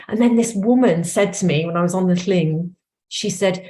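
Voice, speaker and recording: A woman from North Wales with a North Welsh accent, a memoir author answering interview questions in an animated way, laughing often. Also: on the low side, normal speed. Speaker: memoir author and former editor.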